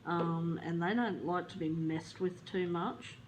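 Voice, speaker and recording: An Australian woman with a lowish voice chats casually and rambles from one story to the next. She is chatty, swears freely and sounds a touch flat. Her speaking voice sits on the low side, with faint background noise. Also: measured pace, poor audio. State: feeling flat. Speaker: vlogger.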